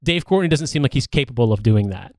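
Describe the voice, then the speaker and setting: A man talks at a quick clip as a podcast co-host, full of "like" and swearing as he riffs. His voice sits at an ordinary middle pitch and sounds close and dry, with no room around it. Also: expressive, darkish tone, no room sound. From not from the US, living there. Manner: rapid, filler-heavy, profane banter. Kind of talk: casual chat.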